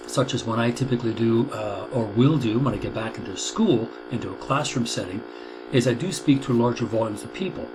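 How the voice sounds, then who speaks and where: Older male lecturer, measured and deliberate, stresses key words; mid-range voice, noticeable electrical hum behind him. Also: medium pitch. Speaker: college instructor. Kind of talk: recorded video lecture. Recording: steady hum under the voice.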